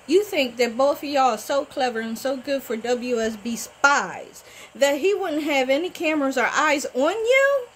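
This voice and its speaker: Animated woman recapping a TV show. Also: high-pitched, normal speed, a little hiss or hum, poor audio. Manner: animated, talks back to the characters. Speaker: TV recap vlogger. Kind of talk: casual soap-opera recap.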